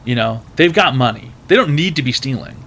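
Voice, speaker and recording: Man, stream host, casual storytelling, rambling, profane, bright forceful voice. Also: medium pitch, lively intonation, brisk. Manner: rambling, profane, heavy filler words.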